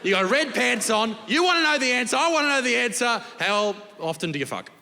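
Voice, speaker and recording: Aussie guy doing filthy standup, highish voice, lots of yelling, big reverby hall w/ noise. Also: very animated, fairly quick, creaky. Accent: Australian. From Australia. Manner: crude, profane storytelling with shouted punchlines. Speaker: stand-up comedian. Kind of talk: stand-up comedy. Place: large theatre stage with audience laughter. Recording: live show with long hall reverb and background noise.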